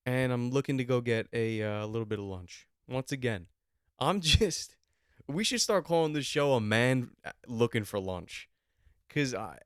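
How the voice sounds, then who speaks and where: A man's voice: medium pitch, clear, resonant tone, dry recording, clean studio sound. A young man hosting a podcast, telling a rambling, profane story with mock outrage. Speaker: podcast host. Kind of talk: comedic storytelling chat.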